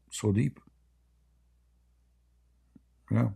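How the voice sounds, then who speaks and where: A man's voice: lowish voice, very animated, a little fast, creaky, few pauses, dark tone, husky. A man whose first language is Arabic, speaking in a rambling, joking and mocking way with broken English. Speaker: online commentator. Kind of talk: casual joking monologue.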